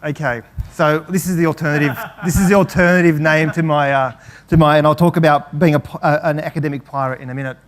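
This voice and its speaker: A fast-talking man tells a story on stage, animated and chatty. His voice sits a bit high. He keeps stumbling and restarting as he acts out the people in the tale. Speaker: professor giving a presentation. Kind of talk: storytelling talk to an audience.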